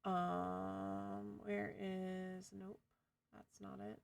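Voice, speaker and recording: A woman's voice: mid-range voice, slow pace, gravelly. A woman streamer chatting casually, rambling and playful, with bits of song. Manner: rambling and playful, singing snatches of songs. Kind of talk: casual chat.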